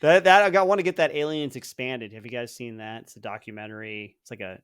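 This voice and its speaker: Smooth-voiced laughing male co-host. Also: medium pitch, fairly even intonation, quick pace, a bit bright. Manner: laughs often, agreeable, chatty. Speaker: podcast co-host. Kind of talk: casual podcast chat.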